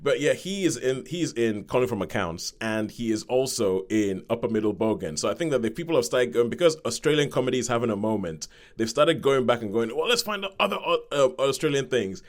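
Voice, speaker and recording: Brisk and lively, with a mid-range pitch and few pauses, a man hosts a podcast. He chats loosely through a review, backtracking to correct himself and doing voices for the people he quotes.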